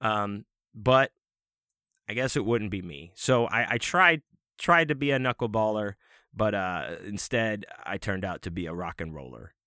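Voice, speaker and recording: Male host, casual profane storyteller, forceful tone, dry close sound. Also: lowish voice, lively intonation, unhurried, no echo. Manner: rambling, profane, self-mocking. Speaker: podcast host.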